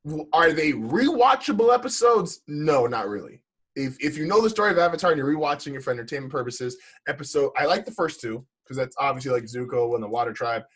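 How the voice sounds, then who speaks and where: Male podcast co-host, husky voice, lively pitch, emphatic and opinionated. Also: fast. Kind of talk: casual podcast chat.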